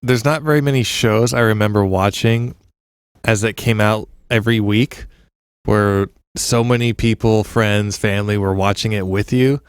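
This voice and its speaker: Casual low-voiced podcast host, dry close sound. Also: male voice, moderate pace, clear, resonant tone, dry recording. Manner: animated storyteller, bursts into high excited impressions. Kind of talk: casual chat.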